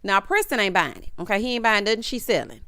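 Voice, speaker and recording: A woman's voice: mid-range voice, very animated, fast talker, sharp tone, no room sound, studio quality. A woman giving a sassy, casual recap of a reality TV episode, mimicking the cast in changing voices.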